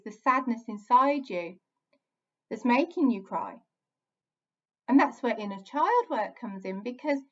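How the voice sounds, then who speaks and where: A woman talks gently and earnestly about healing, repeating short phrases in a soothing way. Her voice sits a little high. The recording sounds dull and lo-fi. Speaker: inner child healing coach. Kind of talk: earnest self-help talk.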